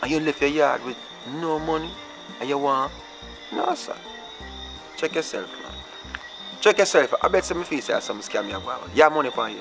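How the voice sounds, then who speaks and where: A man's voice: medium pitch, lively intonation, a little fast, creaky, music in the background, rough recording. A man with a Jamaican accent, indignantly ranting in a comedy sketch.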